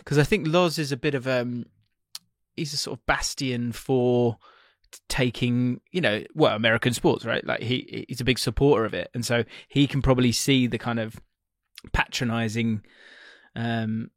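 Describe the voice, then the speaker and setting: A man's voice: medium pitch, fairly even intonation, normal speed, no echo. Man, podcast co-host, casual rambling chat, dry close sound. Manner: rambling, chatty, self-interrupting with ums.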